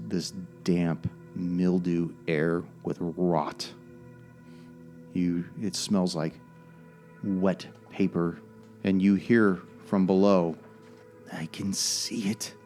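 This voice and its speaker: A man acting as game master, slowly narrating a tabletop game and joking with his players. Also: low voice, a little mellow. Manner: slow, deliberate descriptions with swearing banter.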